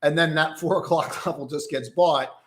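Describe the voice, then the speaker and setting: A man talks through stock charts on a live stream in a loose, conversational way. He uses plenty of fillers and calls out viewers by name. His voice sits a little high and carries an echoey room sound. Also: steady tone, moderate pace, slight background noise. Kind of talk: casual live-stream market commentary.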